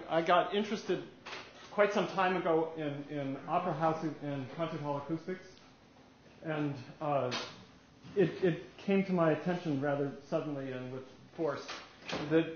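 A fairly high-voiced man in his sixties lectures in a halting, rambling way, breaking into wry asides. He is recorded in a heavily echoing lecture room. The sound is dull, with a faint hiss behind him. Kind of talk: technical lecture. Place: lecture room at a society meeting.

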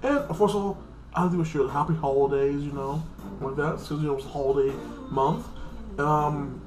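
A man talks through a TV episode in a loose, rambling recap, leaning on fillers as he goes. His voice sits a little high. The room is echoey, with faint music underneath. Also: steady tone, normal speed, darkish tone. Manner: rambling, heavy with fillers like "like" and "freaking". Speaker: channel host reviewing a TV episode. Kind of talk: casual spoken episode recap.

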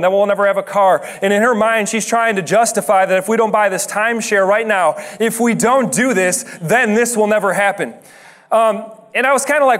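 High-voiced young man preaching. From Dutch heritage. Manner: chatty, jokey, builds to shouted emphasis. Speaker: guest preacher. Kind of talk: conversational sermon with storytelling.

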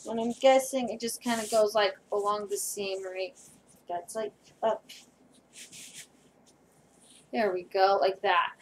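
A woman's voice: medium pitch, slow, long pauses, a little hiss or hum. A young adult woman chatting casually in a try-on vlog, tired and a little rambling as she shows off her clothes. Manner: relaxed, rambling, thinking aloud. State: tired, yawning. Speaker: vlogger.

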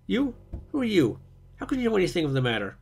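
A man's voice: high voice, huge pitch swings, fast, gravelly, darkish tone, breathy edge, pitched above the performer's own voice, heavily acted. A man voicing a small, nervous rat-faced man who speaks in a quavering, anxious voice, in a storybook reading.

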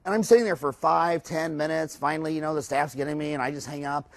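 Man, middle-aged, dental lecture, slightly high, dry mic, lively storyteller. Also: no echo. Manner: animated, acts out staff and patients in quick quoted voices. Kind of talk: recorded course lecture.

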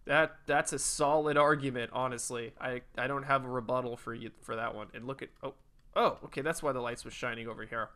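A man giving casual, animated gameplay commentary from his home, jumpy and swearing freely. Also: medium pitch, brisk. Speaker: let's play host. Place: home room with a cat nearby.

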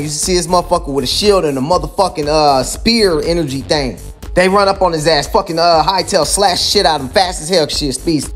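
High bright-voiced man recapping comics. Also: fairly quick, faint music behind. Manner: slangy, heavily profane storytelling. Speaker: comic book video host.

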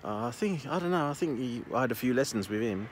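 A man's voice: medium pitch, lively intonation, fast. Guy vlogging on a street walk, rambly and chatty, faint outdoor noise. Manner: chatty, rambling storyteller with laughs. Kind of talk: casual walking vlog chat.

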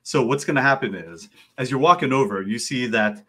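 رجل مبحوح الصوت يدير لعبة أدوار. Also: male voice, mid-range voice, brisk, breathy edge. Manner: lively, descriptive narration. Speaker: game master. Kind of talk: narrating a tabletop game. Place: home setup, online session.

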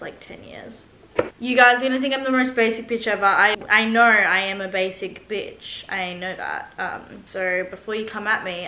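A woman's voice: medium pitch, bright, forceful tone. Gushing young Australian woman, echoey room. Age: 20s. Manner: gushing, chatty, heavy use of "like". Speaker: fitness vlogger. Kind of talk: casual vlog chat.

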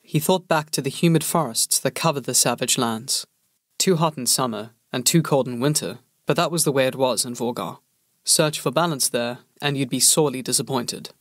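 A man reading an audiobook in steady, even scripted narration. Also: mid-range voice, moderate pace, no room sound, studio quality.

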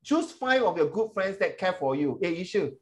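A middle-aged man, a teacher giving animated, emphatic feedback to his class and slipping into Mandarin phrases. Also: sits high, moderate pace.

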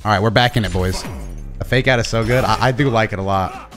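A man streaming a fighting game, commenting live and swinging between low mumbles and excited shouts. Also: quick pace. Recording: game music underneath.

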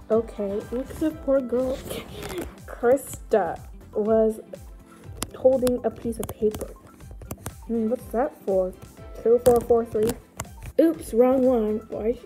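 A woman reads aloud from a book she made as a child, breaking off into amused, incredulous remarks. Her voice sits fairly high but sounds mellow and soft-edged. She talks slowly, with faint music playing underneath. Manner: amused, mocking, incredulous asides. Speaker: video creator reading her own childhood book. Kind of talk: casual reading with commentary.

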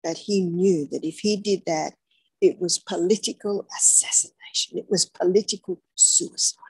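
A woman's voice: lowish voice, steady tone, moderate pace, a little mellow, husky, dry recording. A woman preaching a sermon, telling the story dramatically, dropping to whispers and then rising with emphasis. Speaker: health speaker preaching.

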